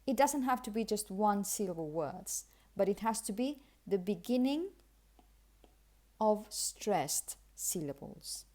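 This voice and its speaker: A woman's voice: mid-range voice, expressive, takes it slowly, darkish tone. A Spanish-accented woman, a native Spanish speaker, teaching English pronunciation with careful explanations and repeated example words. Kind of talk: pronunciation lesson.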